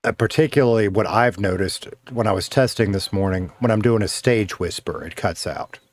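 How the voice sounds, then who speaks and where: A man's voice: fairly low pitch, moderate pace. A man streaming a game, rambling casually, thinking aloud and chatting with his viewers through a streaming mic. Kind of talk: casual live-stream chatter while gaming. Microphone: streaming mic with noise gate.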